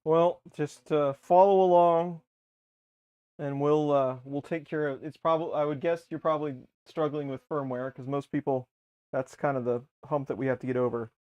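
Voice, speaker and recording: A man's voice: on the high side, normal speed, clean tone, dull audio. A man co-hosting a casual live stream, talking easily while fiddling with a gadget. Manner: relaxed, tinkering while talking. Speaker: co-host.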